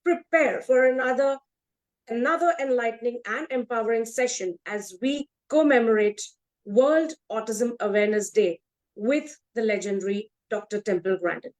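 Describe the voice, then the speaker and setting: A woman host delivers a formal, ceremonious introduction. Her voice sits a little high, and she stumbles slightly here and there. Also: normal speed, low-quality recording. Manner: formal, ceremonious, with small hesitations.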